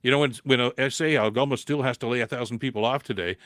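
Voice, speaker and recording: An impassioned Canadian man hosts a live call-in podcast, reading out viewer comments and pushing back hard, often stumbling over repeated words as he builds to emphatic peaks. His voice sits in an ordinary middle pitch, with a slightly dry throat left over from a recent cold. The sound is close and dry, with no room around it. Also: fast talker, fairly bright tone, no room sound.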